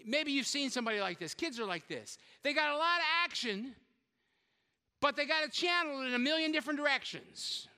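A man preaching a sermon as a pastor, telling the story with lively voices for the characters and joking with his listeners. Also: very high voice, a little fast, long reverb tail. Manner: lively storytelling, acting out quotes, joking with the congregation.

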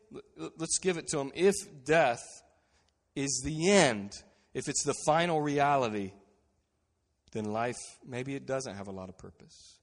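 A man preaching a sermon as a pastor, earnest and steady, dropping to a quiet voice to stress key phrases. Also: medium pitch, in a large hall.

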